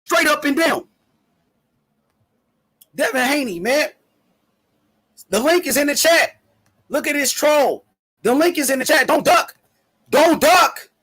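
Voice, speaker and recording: A man hosting a casual boxing talk stream, talking loud, profane trash. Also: extremely high pitch, expressive, a little slow, pauses often. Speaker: host.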